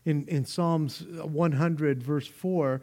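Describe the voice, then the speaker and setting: A man's voice: a little high, fairly even intonation, takes it slowly, mellow. A man preaching a conversational sermon, earnest and speaking directly to the congregation, often repeating words as he builds a point. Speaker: pastor.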